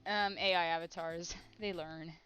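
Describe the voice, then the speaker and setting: A woman's voice: fairly low pitch, fairly even intonation, a little slow, a bit bright, clear, resonant tone, faint music behind. Rambling, giggly woman streamer. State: has a headache. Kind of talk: casual chat while drawing on stream.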